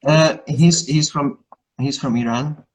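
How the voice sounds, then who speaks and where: A man's voice: on the high side, fairly even intonation, slow, breathy edge. A Hungarian man, an English teacher, in a casual live chat, talking in a chatty, self-deprecating way with many restarts.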